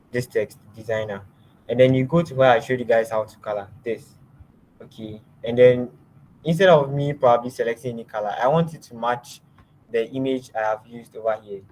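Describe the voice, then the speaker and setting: A man teaching a design lab, giving step-by-step software instructions and often trailing off quietly. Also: mid-range voice, a little hiss or hum, low-quality recording. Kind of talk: screen-share software tutorial.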